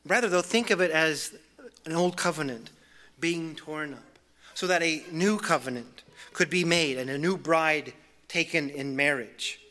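A man preaching an expository sermon in an earnest way, building intensity through lists and then dropping soft. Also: fairly high pitch, unhurried.

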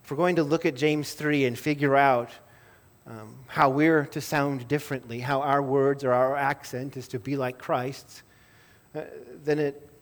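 A man's voice: mid-range voice, fairly even intonation, unhurried. A man preaching a sermon to his church in a conversational way, often repeating words as he restarts a thought. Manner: conversational, self-interrupting with small laughs and repeated words. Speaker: pastor.

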